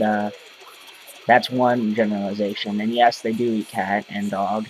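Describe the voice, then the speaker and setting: A man's voice: fairly low pitch, poor audio. Rambling, profane young-sounding man. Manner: rambling, profane, filler-heavy. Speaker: vlogger. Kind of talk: casual to-camera rant. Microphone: camera mic.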